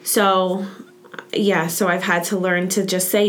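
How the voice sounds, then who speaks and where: Earnest mom sharing a story. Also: female voice, on the low side, level tone, takes it slowly. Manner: earnest, says "like" often. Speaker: guest parent. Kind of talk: casual personal storytelling.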